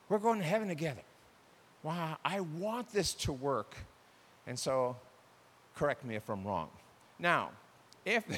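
A lively, high-pitched man preaching on marriage, his voice leaping up and down as he acts out quarrels between husbands and wives. He speaks in a large hall that rings with a long reverb. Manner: animated, acts out quoted spouses. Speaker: pastor. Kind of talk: sermon on marriage communication.

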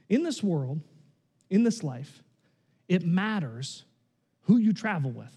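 A man's voice: sits high, slow, long pauses, slightly rough. A man preaching a sermon in a loose, conversational way, often checking in with "right?" and "like". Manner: conversational, animated, frequent "right?" and "like". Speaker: pastor.

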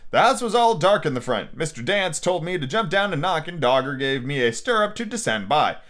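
A man's voice: a little high, big pitch swings, fairly quick, a bit bright. Profane, opinionated podcast reader man. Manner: profane, blunt and opinionated asides. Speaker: podcast host reading a novel aloud. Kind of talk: casual audiobook reading with rants.

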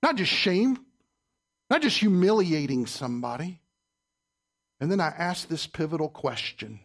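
High-pitched, emphatic preacher. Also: male voice, big pitch swings, a little slow. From Southern United States. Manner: emphatic, quizzes the audience, swings between loud and soft. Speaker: pastor. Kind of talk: sermon.

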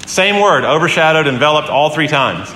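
A man's voice: on the high side, expressive, moderate pace, sharp tone, slight background noise. A man in his fifties, a pastor preaching a sermon in an earnest, storytelling way with emphatic repeated phrases. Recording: roomy hall with long reverb, faint ambience.

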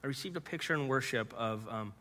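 A male pastor giving an earnest personal testimony sermon, halting and repeating words, sometimes dropping to hushed tones. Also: mid-range voice. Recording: long hall reverb.

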